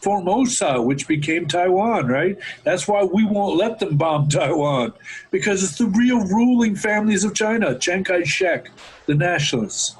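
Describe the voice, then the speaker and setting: Fired-up husky-voiced male talk host. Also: high-pitched, lively intonation, unhurried, rough recording. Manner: ranting, fervent, addresses listeners as folks. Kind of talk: impassioned political talk.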